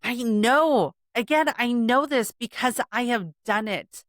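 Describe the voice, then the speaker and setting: A woman's voice: fairly high pitch, takes it slowly, no room sound, studio quality. A woman hosting her own podcast, talking earnestly and emphatically in a reflective solo monologue, repeating key points. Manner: earnest, emphatic, with repetition and soft laughs. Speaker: podcast host.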